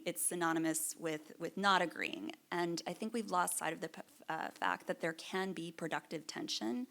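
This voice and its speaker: A middle-aged woman speaks from a lecture stage at a conference keynote, her voice sitting low with a gravelly fry at the ends of phrases. She talks in an earnest, reflective way, pausing on ums and restarting her sentences as she thinks aloud. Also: fairly bright tone. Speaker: museum curator giving a keynote. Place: lecture stage at an art fair.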